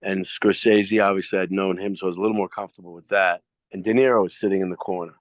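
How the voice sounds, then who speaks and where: Middle-aged male actor, low register, relaxed anecdotal interview delivery; dry, dull-toned sound. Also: fast, dry recording. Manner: animated anecdotes with acted-out quotes. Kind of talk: casual interview storytelling.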